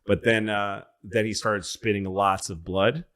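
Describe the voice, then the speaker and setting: Animated man telling podcast stories. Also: fairly low pitch, a little slow. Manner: animated storyteller, acts out voices, swears freely. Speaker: podcast co-host. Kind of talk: casual storytelling chat.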